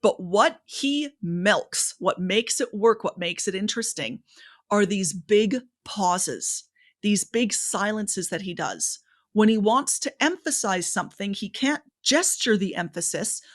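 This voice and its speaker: A woman guest on a podcast, giving speaking advice in an animated, expressive way with lots of pitch variation. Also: measured pace.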